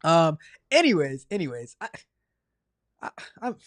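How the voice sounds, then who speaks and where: A man's voice: fairly high pitch, measured pace, no room sound. Rambling, stammering male streamer. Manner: rambling, stammers and repeats words; chatty and energetic. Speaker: livestream host. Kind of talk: casual livestream chat.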